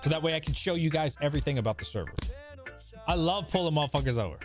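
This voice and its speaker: A man's voice: a little high, animated, racing, soft background music. A man with an American accent chatting casually on a stream, profane and laughing, acting out voices. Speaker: crypto streamer.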